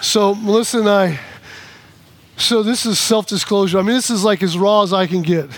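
High-voiced animated male pastor. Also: moderate pace. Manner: animated, repeats phrases, acts out both sides of arguments. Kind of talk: sermon with personal stories. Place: church in front of a congregation.

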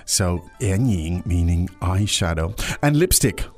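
A man's voice: sits low, lively intonation, measured pace, soft background music. A man hosting a language lesson podcast in a chatty, joking way with many fillers. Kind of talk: casual language lesson chat.

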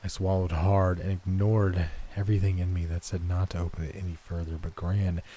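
A man reading a horror story aloud in a slow, tense, dramatic way. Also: deep voice, level tone, background noise. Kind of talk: scripted narration.

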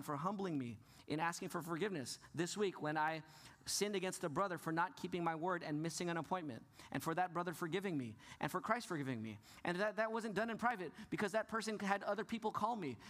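A man's voice: sits high, a bit bright. A middle-aged male pastor giving a sermon, earnest, often putting questions to the congregation and answering them himself.

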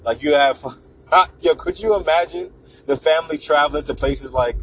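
A man's voice: fairly high pitch, normal speed, fairly bright tone, a little hiss or hum, poor audio. Man ranting casually, joking and profane. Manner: profane, joking, slips into mock voices. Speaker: vlogger. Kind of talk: casual rant to camera.

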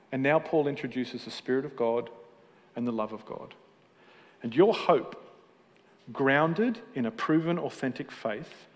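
A man preaching a sermon with passion, swinging between emphatic peaks and quiet moments, with self-deprecating humor. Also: medium pitch. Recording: hall reverb with faint music.

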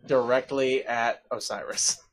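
A man's voice: mid-range voice, steady tone, unhurried. A man running a tabletop game as game master, narrating playfully and laughing at his own twists.

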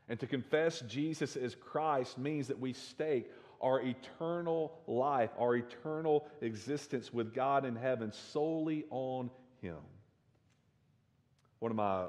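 His mid-range voice is a little mellow, echoing in a large hall as the pastor preaches with a Southern drawl. The sermon grows in earnest intensity, full of restarts where he repeats himself, peaking forcefully at its climaxes.

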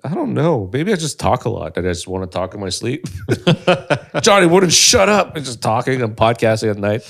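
A man in his thirties co-hosting a podcast, telling stories in an animated way and laughing often. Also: medium pitch, normal speed, vocal fry. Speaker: podcast co-host. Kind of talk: casual chat.

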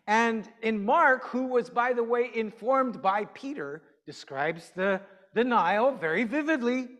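A man's voice: very high-pitched, lively intonation, unhurried, a bit bright. A man preaching a conversational sermon, chatty and quizzing his congregation with questions. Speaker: pastor. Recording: long hall reverb.

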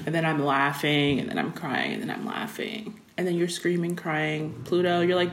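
A woman's voice: low-pitched, level tone, normal speed, few pauses. A young woman co-hosting a casual chat, teasing and slangy as she recalls events. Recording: echoey room.

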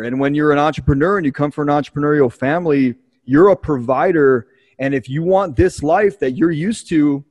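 A man's voice: fairly high pitch, a little mellow, slightly rough. A man hosting a podcast, telling a candid, emotional personal story in casual speech with frequent swearing. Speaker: podcast host.

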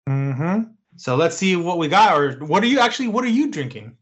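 A man's voice: high voice, big pitch swings, moderate pace, husky. A young man co-hosting a casual podcast, easygoing and chatty, with lots of "um"s. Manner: easygoing, chatty, with many fillers. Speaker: podcast co-host. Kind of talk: casual chat.

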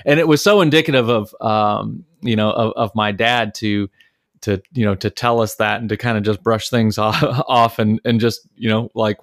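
A man's voice: fairly low pitch, steady tone, moderate pace, no room sound, clean studio sound. A man from Detroit, a podcast host and father, telling family stories in a casual, rambling way with many fillers and restarts. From Detroit, Michigan, USA. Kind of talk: casual storytelling chat.

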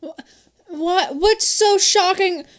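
A woman co-host making teasing jokes and puns in casual comedic banter. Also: extremely high pitch. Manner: teasing, quick jokes and wordplay.

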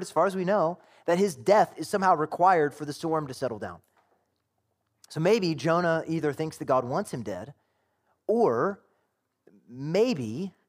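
A man preaching a sermon in a conversational way, acting out quotes and asking the congregation rhetorical questions. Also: on the high side. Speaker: pastor.

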